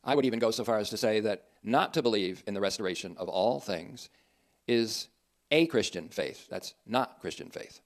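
A man's voice: lowish voice, animated, normal speed. A man preaching a sermon in an earnest, emphatic way, with dry asides.

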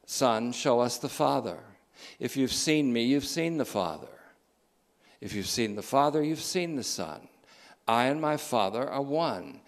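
A man preaching a sermon, reading and explaining scripture with emphatic stresses, slow deliberate phrasing and casual joking asides. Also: mid-range voice, animated. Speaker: pastor.

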